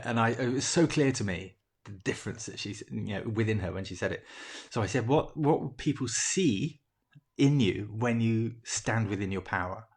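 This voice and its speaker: A man coaching on mindset, talking reflectively and haltingly, with many restarts and fillers. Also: fairly low pitch, breathy edge. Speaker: coach hosting a mindset program. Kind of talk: reflective solo talk.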